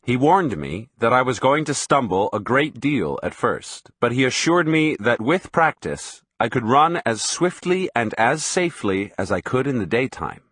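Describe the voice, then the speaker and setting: A man reading an audiobook in scripted narration, measured and even. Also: medium pitch, slightly rough, dry recording.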